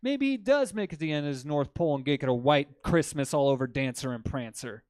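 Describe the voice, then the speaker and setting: A man doing a stand-up comedy set in a comedy club, telling crude jokes with deadpan delivery and bantering with the crowd. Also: fairly high pitch, a little fast, clear, resonant tone, dry recording.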